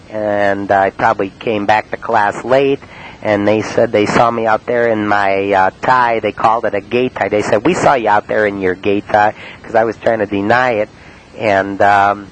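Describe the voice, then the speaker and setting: A man in a spoken-word monologue, recounting his prank calls in a halting, matter-of-fact way with many uhs and ums. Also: on the low side, slight background noise, low-quality recording. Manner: halting, full of uh and um.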